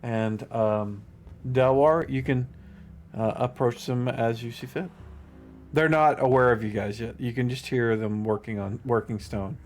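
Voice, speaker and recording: A man's voice: mid-range voice, measured pace, soft background music. A man narrating as game master of a tabletop game, rambling loosely with many "you know"s and restarts. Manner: rambling, lots of fillers and restarts.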